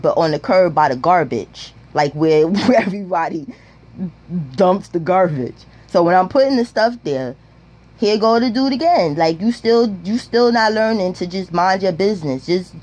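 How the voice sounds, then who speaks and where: A woman's voice: lowish voice, darkish tone. A young woman telling a storytime vlog in a blunt, profane, streetwise way. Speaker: vlogger.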